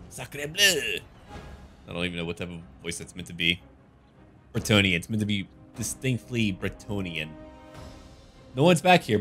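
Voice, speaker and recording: A man giving casual, jokey commentary over a strategy game battle. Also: medium pitch. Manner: goofy, jokey, slips into silly voices. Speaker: gaming YouTuber.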